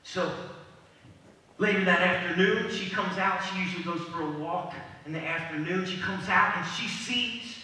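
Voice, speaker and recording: A man's voice: sits high, normal speed, bright, forceful tone, recorded from a distance. A man preacher telling a story dramatically in a sermon. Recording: echoey hall, voice from afar.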